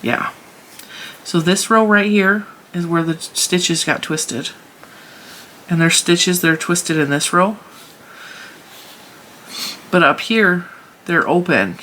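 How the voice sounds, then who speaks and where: A woman's voice: lowish voice, measured pace, long pauses, fairly bright tone, slight background noise. Chatty woman demonstrating knitting. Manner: chatty and emphatic, talks through her hands' work. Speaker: knitting channel host.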